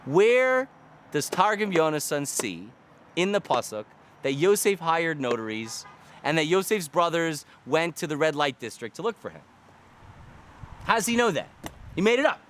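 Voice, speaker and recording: A man giving a lively Torah lecture, firing rhetorical questions and repeating key lines for emphasis. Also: a little high, normal speed, a little hiss or hum. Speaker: Torah teacher.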